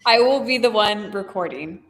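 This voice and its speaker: A woman's voice: medium pitch, animated, moderate pace, a bit bright. A woman co-hosting a podcast watch-along, chatting casually and hesitantly, with many fillers. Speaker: podcast co-host.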